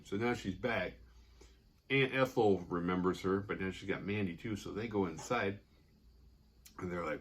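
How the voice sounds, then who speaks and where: A man's voice: sits low, animated, normal speed, pauses often, a bit bright, breathy edge. Man, podcast host, casual movie recap, sarcastic, swears a lot, does little voices for characters. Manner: profane, sarcastic, acts out characters' lines.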